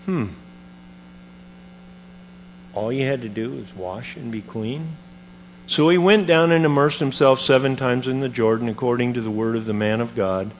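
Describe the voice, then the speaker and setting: A man preaching a sermon, retelling a Bible story in an animated, conversational way with modern comparisons. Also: mid-range voice, moderate pace, long pauses, a little hiss or hum.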